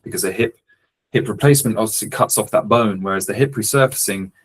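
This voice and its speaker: A man hosting a casual podcast conversation, curious and keen to explain. His voice is a little on the low side and he speaks at a relaxed, conversational pace. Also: fast talker, breathy edge, rough recording. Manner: inquisitive and explanatory. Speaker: podcast host.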